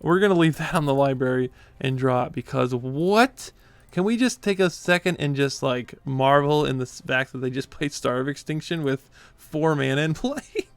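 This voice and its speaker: A man's voice: mid-range voice, moderate pace, smooth, no echo. A man giving live commentary on his own card game play, chatty and easily flustered, laughing often. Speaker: gaming content creator.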